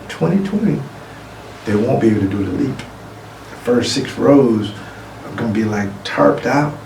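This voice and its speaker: A gravelly, mid-range middle-aged man, an award recipient and guest speaker, gives a lively storytelling speech full of anecdotes. The recording is distant in an echoey room, with faint ambience and a little hiss or hum.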